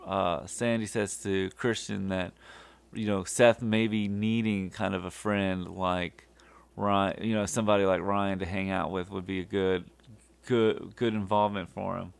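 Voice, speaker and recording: Slow, gravelly man recapping a show. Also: deep voice, flat delivery, dry recording. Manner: halting, many fillers and restarts. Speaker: podcast host. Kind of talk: casual episode recap.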